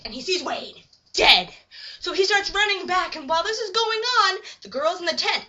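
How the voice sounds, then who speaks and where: A woman's voice: very high voice, lively intonation, normal speed, pushed and bright, a little hiss or hum. A young woman casually retelling a horror movie, acting out the sound effects and bits of dialogue. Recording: muffled lo-fi recording.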